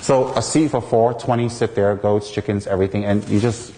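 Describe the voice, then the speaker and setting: A man from the United States, a Buddhist teacher, giving a dharma talk through a lively personal story in which he acts out the people in it. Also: on the low side, a little fast, big-room sound, a little hiss or hum.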